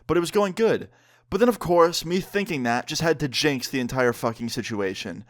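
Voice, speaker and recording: A man's voice: on the high side, normal speed. A young man casually telling a story to camera, with lots of "like" and swearing. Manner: animated, profane, heavy use of "like". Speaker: vlogger.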